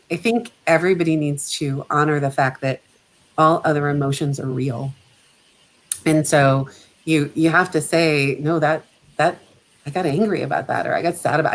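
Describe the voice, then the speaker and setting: A middle-aged woman is a guest on a casual video call, and her voice sits a little low. She talks in a reflective, chatty way and laughs readily between thoughts. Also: poor audio. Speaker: guest photographer. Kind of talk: casual chat.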